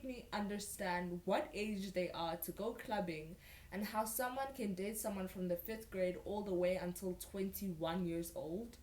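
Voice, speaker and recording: Young woman, deadpan-sarcastic reader, unhurried delivery, roomy sound. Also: medium pitch. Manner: sarcastic, incredulous asides. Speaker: vlogger reading fan fiction aloud. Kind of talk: mocking dramatic reading.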